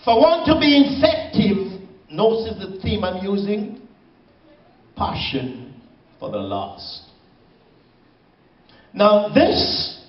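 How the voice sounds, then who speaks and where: Slow dramatic preacher in an echoey church. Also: male voice, high voice. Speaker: pastor. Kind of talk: sermon. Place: church sanctuary. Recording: echoey, dull church recording from far off.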